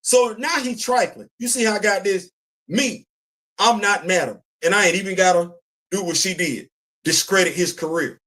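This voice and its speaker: A man's voice: high voice, normal speed, sharp tone. A man hosting a casual commentary show, talking bluntly and emphatically, repeating his points. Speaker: podcast host.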